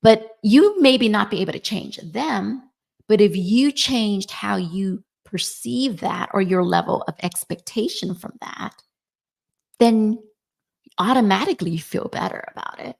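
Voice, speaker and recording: Gravelly and slightly rough, this medium-pitched voice is expressive but a little slow. It belongs to a chatty podcast co-host in her forties who often ends her points with "right?" during casual conversation.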